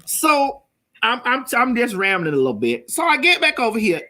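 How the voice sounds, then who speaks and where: A woman hosts a morning show with a rambling comedic rant, loud and full of profanity. Her bright, sharp voice swoops wildly up and down and often breaks into shouting. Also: fairly high pitch, very animated, a little fast. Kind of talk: comedic unscripted rant to viewers.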